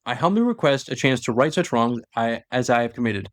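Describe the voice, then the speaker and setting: A man's voice: mid-range voice, lively intonation, brisk, dry recording, clean studio sound, lightly acted. A man reading out a stern warrior-king. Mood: grave.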